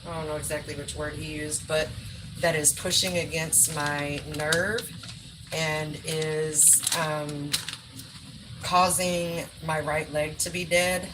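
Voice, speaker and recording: A woman with a low, deep-set voice talks bluntly on a casual livestream, swearing freely as she puts groceries away. Room noise is plainly heard behind her. She sounds like she is in her kitchen. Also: flat delivery, slow. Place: home kitchen.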